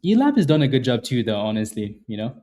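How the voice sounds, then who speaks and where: Mellow-voiced man hyping stocks live. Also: medium pitch, sing-song, quick pace. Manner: repetitive, hyped, chatty, addresses viewers by name. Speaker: day-trading livestream host. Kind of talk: casual live market commentary to chat.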